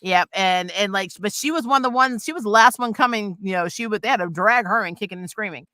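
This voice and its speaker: A woman co-hosting a casual podcast chat about comics and films, animated and quick with laughs and asides. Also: mid-range voice, no echo, clean studio sound. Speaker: podcast co-host.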